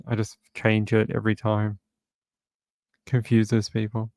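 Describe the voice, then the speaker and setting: A man's voice: lowish voice, monotone, a little slow, creaky, pauses often, a little mellow, dry recording. A man hosting a true crime livestream from home, chatting casually and reading viewer comments aloud.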